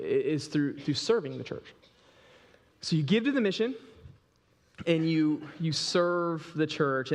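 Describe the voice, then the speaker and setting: A man preaching a sermon as pastor, talking in an animated, conversational way with lots of fillers and restarts. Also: on the high side, long reverb tail. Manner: reads scripture slowly and deliberately.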